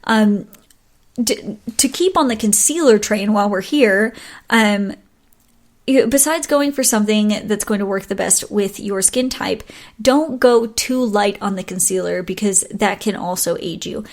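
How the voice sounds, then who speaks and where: A woman's voice: medium pitch, measured pace. A woman hosting a solo podcast, giving advice in a chatty, casual way, often stumbling over words and laughing at her own slips. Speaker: podcast host.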